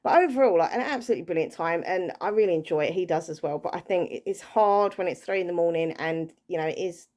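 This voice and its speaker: A woman recapping a ghost hunt in a casual vlog, chatty and excitable, with lots of fillers and restarts. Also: fairly low pitch, fast, few pauses. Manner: earnest and excitable. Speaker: paranormal vlogger.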